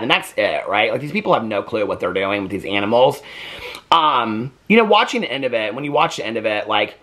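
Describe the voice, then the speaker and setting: A man's voice: medium pitch, very animated, quick pace, fairly bright tone. A man, a young adult, talking through a casual TV review in a rambling, conversational way with lots of fillers and restarts. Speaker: TV review vlogger.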